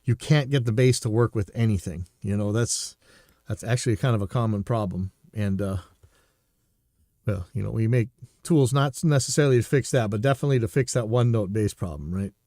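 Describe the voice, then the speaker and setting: A man's voice: on the low side, brisk, mellow, no echo. Opinionated man with a dry close sound. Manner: rambling, opinionated, restarts often. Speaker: podcast host reacting to a video. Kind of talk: casual live-stream commentary.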